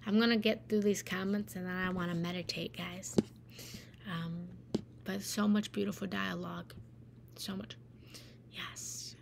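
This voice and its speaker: Gravelly-voiced woman meditation teacher. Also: on the low side, fairly even intonation, a little slow, long pauses, heavy background noise. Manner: earnest, encouraging, drops into hushed whispered asides; repeats phrases for emphasis. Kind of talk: live-stream spiritual talk answering viewer comments.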